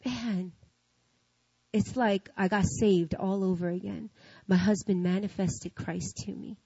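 A woman's voice: mid-range voice, fairly even intonation, unhurried, creaky, dark tone, husky, dry recording. Earnest woman in a dull, dry recording. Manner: earnest, confessional, frequent "you know what I mean". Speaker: speaker sharing a personal testimony. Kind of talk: emotional faith testimony to an audience. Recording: dull lo-fi sound.

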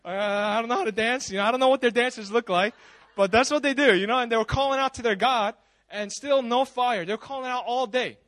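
A pastor preaching at a church service, telling stories in a loose, chatty, animated way full of asides. His voice sits very high for a man, and the sound is dry and close. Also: a little fast, dry recording. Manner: casual, animated storytelling with frequent asides. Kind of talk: sermon.

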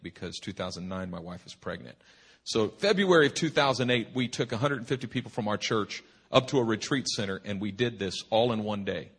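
A man preaching at a church retreat, telling a humorous personal story in an animated, rambling way full of restarts. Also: on the low side, husky. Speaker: pastor. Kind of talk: sermon storytelling. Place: retreat meeting hall.

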